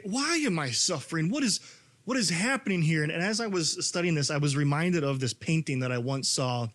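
A man in his thirties preaching a sermon, animated and rising to near-shouting when he reads scripture. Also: fairly high pitch. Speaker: pastor.

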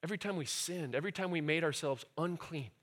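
A man preaching with a high, bright voice. He is animated, sinks to a low, thoughtful murmur and then lifts to ringing cries. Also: quick pace. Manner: animated, switching between quiet musing and shouted cries. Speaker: pastor. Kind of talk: sermon.

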